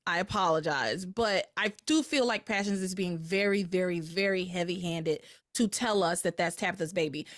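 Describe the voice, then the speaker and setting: Lively woman host recapping a soap. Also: no echo, studio quality. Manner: animated storyteller, jumps up in pitch when excited. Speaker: podcast host. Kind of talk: casual recap chat.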